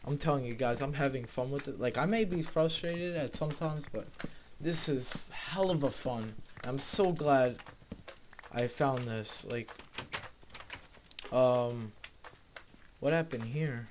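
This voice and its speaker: A man's voice: medium pitch, slow, long pauses, background noise. A young man hosting a let's play, casually commenting on his game and talking to his viewers, easily frustrated but upbeat. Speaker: gaming video host.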